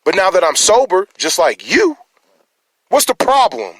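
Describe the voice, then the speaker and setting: A man's voice: high-pitched, wildly swooping pitch, measured pace, a bit bright, breathy edge, no room sound. A man speaking as a concerned citizen in an emotional personal monologue, rambling and restarting his words as he challenges his listeners.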